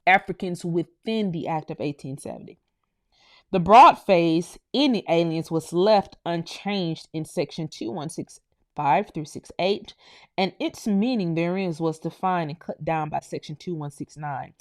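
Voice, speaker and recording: A woman's voice: on the low side, no room sound, studio quality. A young woman, hosting her own channel, reads old legal documents aloud and stops to comment to viewers. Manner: halting, loses her place, addresses viewers as y'all. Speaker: channel host.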